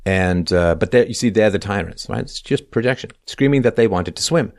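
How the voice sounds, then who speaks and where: A man's voice: lowish voice, animated, brisk, darkish tone. A man hosting a talk show, reading a text aloud and tearing into it in a sarcastic, lecturing way, often tossing in "right?". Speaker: podcast host.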